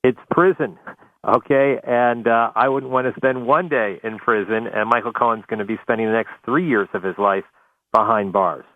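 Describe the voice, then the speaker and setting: A male White House correspondent reporting live by phone to a talk radio host, measured and thorough, with many uhs. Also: mid-range voice, dry recording. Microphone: telephone. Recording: phone line.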